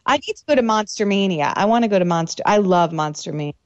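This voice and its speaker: A woman's voice: medium pitch, fast talker. Laughing New York woman, lo-fi sound. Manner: animated, laughs often, acts out lines. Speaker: actress guest. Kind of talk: casual interview chat.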